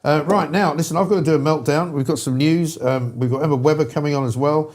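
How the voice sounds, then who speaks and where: A male talk show host bantering with his studio crew, playful and self-mocking. His voice sits slightly high for a man. He rambles cheerfully with plenty of fillers. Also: quick pace, a little mellow.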